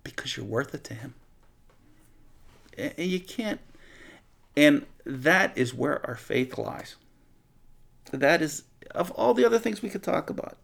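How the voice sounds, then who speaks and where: A man's voice: on the high side, animated, a little slow, creaky, pauses often, a bit bright. A man leading an informal Bible study, teaching conversationally and praying, often restarting his sentences.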